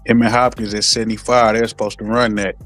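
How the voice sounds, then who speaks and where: A man on a livestream video call, relaxed, making short clipped remarks about boxing. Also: lowish voice, fast talker, soft background music. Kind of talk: casual boxing chat on a livestream.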